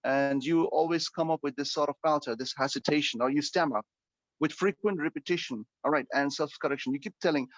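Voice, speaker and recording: Higher-voiced male teacher, dull dry sound. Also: a little fast, no room sound. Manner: explanatory, with frequent fillers and restarts. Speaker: English speaking-test teacher. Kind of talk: online class lecture.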